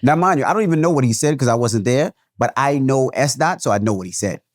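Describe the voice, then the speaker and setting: A man's voice: medium pitch, expressive, fast, dry recording, studio quality. A man co-hosting a podcast in casual chat, agreeable and mostly answering in short replies. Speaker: podcast co-host.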